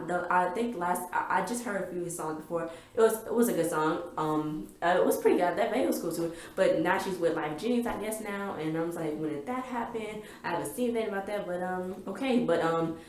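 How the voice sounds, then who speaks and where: A woman giving a rambling, excitable casual recap of a TV episode, full of fillers. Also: lowish voice, quick pace, few pauses, echoey room. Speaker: TV recap vlogger.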